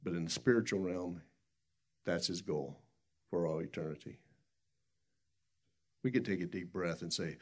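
A man's voice: deep voice, moderate pace, long pauses, a little mellow. A man preaching a sermon, telling stories in an earnest, rambling way with many restarts.

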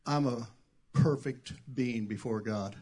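A middle-aged man gives a sermon as pastor, slow and at medium pitch. His delivery is chatty, jumping between soft asides and loud outbursts.

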